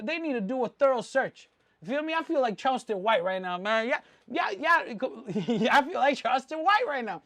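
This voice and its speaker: A man's voice: extremely high pitch, fairly bright tone, no echo. A man from Mexico City, a jewelry vlogger, giving a rambling, slang-heavy opinion rant with frequent asides.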